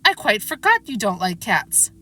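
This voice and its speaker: A woman's voice: medium pitch, big pitch swings, moderate pace, sharp tone, husky, full character voice. A woman voicing Alice, a polite, curious little girl, in a put-on English accent with a prim, earnest manner. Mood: coaxing.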